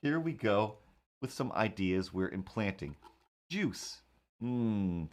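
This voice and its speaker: A man's voice: fairly low pitch, very animated, slow pace. A man chatting casually while he draws, rambling in a wry, incredulous way. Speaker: cartoonist streamer. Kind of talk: casual chat while drawing.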